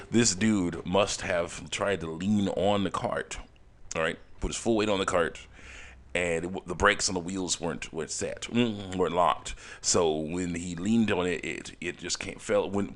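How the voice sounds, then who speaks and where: A man telling a long work story in a casual, rambling way, with many restarts and small chuckles, acting out what people said. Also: low-pitched. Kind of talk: casual storytelling while working on a game mod.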